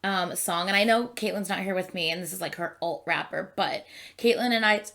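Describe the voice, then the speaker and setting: A woman's voice: fairly low pitch, fairly even intonation, fairly quick, gravelly, fairly bright tone. A woman hosting a reaction video, chatting casually to her viewers in a rambling way, full of ums and likes. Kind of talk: casual chat to camera.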